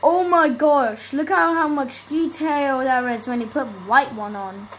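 Woman gamer host, high voice, excitable and chatty running commentary. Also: unhurried, a little hiss or hum, poor audio. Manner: excitable, chatty, talks to viewers. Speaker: gaming channel host. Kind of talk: casual gameplay commentary.

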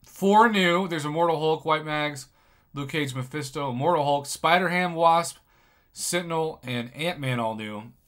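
A man commentating on someone else's game crystal openings, excitable and jokey, with sudden loud bursts of surprise. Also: on the high side, moderate pace. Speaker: gaming commentator.

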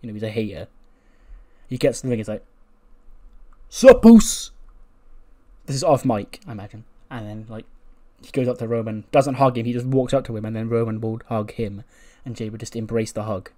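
A man's voice: on the low side, level tone, quick pace, warm tone. A man hosting a game channel, casually narrating a wrestling simulation in a laid-back, slangy way with muttered asides.

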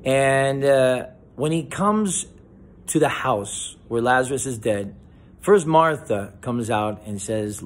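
A man, a pastor, gives a conversational devotional with frequent restarts and a gentle, softening delivery. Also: medium pitch, lively intonation, slow. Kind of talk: casual spoken devotional.

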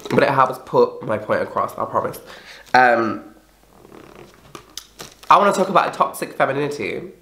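A young woman ranting casually to camera, exasperated and swearing often, her voice rough from being ill. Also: rumbling low, expressive, normal speed, pauses often, fairly bright tone. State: sounding ill. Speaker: vlogger. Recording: echoey room.

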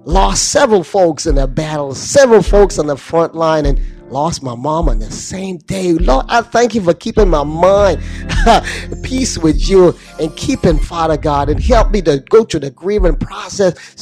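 A man's voice: high voice, big pitch swings, moderate pace, darkish tone, faint music behind. A middle-aged man from Anguilla hosting a radio show, talking in a heartfelt, preachy way and slipping into sing-song phrases. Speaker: radio DJ and host. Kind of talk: heartfelt devotional radio talk. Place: radio studio. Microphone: studio microphone at a mixing desk.

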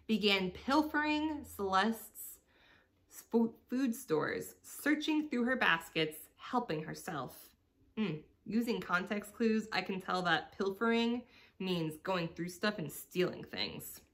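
A woman teacher reading a bedtime story aloud to children, stopping gently to explain words. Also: medium pitch.

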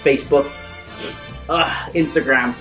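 A man doing a casual food-challenge vlog at home, speaking bluntly to the camera and swearing freely. His voice has a mid pitch. The sound bounces around an echoey kitchen. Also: fairly even intonation, unhurried, over music. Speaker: vlogger. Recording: echoey room.

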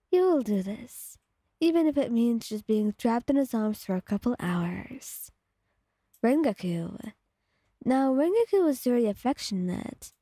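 A woman with a breathy voice telling a calm second-person story in soft ASMR narration, close to the mic. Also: on the high side, dry recording.

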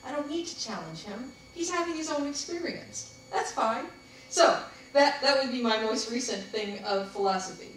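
A woman's voice: high voice, animated, normal speed. A woman leading a workshop, telling stories with frequent laughs and asking the group to discuss. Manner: chatty, laughing, anecdotal. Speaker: workshop leader. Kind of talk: casual group workshop talk. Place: meeting room with a group. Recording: very echoey room, far from mic, faint background hiss.

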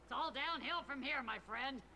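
An actress voicing a gruff, bossy older school cook in a video game who cackles as she gives orders. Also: high-pitched, moderate pace, pushed and bright, a little hiss or hum, exaggerated voice.

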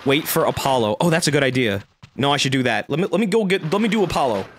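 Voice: mid-range voice, expressive, fast, a little hiss or hum. A game streamer giving casual, joking play-by-play and reading the game's dialogue aloud, swearing freely. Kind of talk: casual let's-play commentary.

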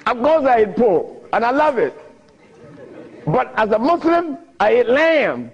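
A man's voice: very high voice, big pitch swings, measured pace, a faint crowd. A man lecturing an audience, telling stories in an emphatic, teasing way, on a dull lo-fi recording. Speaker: speaker addressing an audience. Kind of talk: lecture with storytelling.

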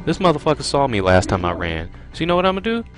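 A man's voice: mid-range voice, very animated, quick pace. A man giving profane, frustrated let's play commentary while playing a game. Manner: profane, ranting, loudly frustrated.

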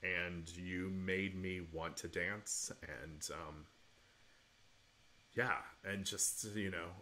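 A man's voice: low-pitched, a bit bright, slight background noise. A middle-aged man giving an earnest, emotional commentary in a casual, rambling way. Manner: emotional, earnest and grateful, rambling with many fillers. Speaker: cast member giving film commentary.

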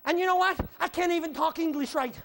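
High-pitched shouting preacher man. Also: a little fast, gravelly. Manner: animated, shouts with repeated phrases and "huh?". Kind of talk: sermon.

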